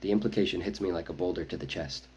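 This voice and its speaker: Deep, husky male audiobook narrator. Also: fast, a little mellow, low-quality recording. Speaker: author reading his novel. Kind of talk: first-person audiobook narration.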